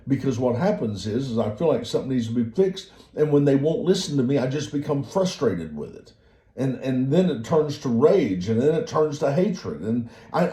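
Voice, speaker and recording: Man, motivational speaker, warm mellow voice, earnest delivery, echoey room. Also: mid-range voice, sing-song, normal speed. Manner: earnest, repeats words and restarts. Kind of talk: motivational talk.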